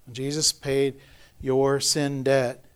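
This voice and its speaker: A middle-aged man preaching a sermon in a conversational, joking way, with self-deprecating asides and animated storytelling. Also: mid-range voice, takes it slowly, clear, resonant tone. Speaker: pastor.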